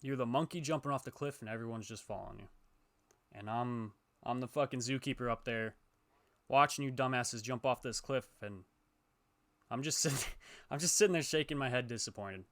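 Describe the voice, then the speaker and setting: A young gaming YouTuber rants heatedly and profanely to camera for his viewers, swinging between loud outbursts and low muttering at a brisk pace.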